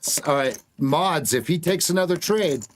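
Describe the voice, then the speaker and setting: A man coaching viewers through live trading on a stream, excitable, repeating words and joking with the chat. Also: fairly high pitch, moderate pace, slight background noise.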